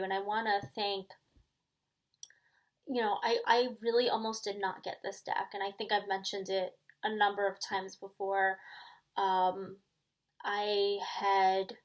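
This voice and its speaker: A woman's voice: medium pitch, poor audio. A middle-aged woman from New York with a New York accent, hosting her tarot channel in casual, rambling chat full of ums and likes.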